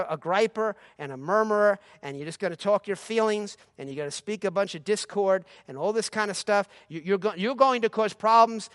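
A man preaching a sermon as pastor, moving between easy conversational talk and loud, rising exhortation. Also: high-pitched, no room sound, clean studio sound.

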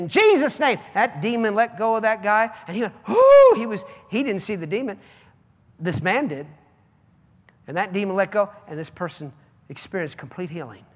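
A man preaching a sermon, swinging from hushed asides to loud, drawn-out proclamations. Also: sits high, big-room sound.

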